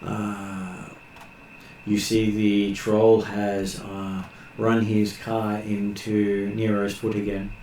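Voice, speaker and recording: A man narrating as game master of a tabletop game, pausing often on fillers as he describes the scene. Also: fairly low pitch, monotone, darkish tone. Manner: halting, many filler pauses. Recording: echoey room with faint noise.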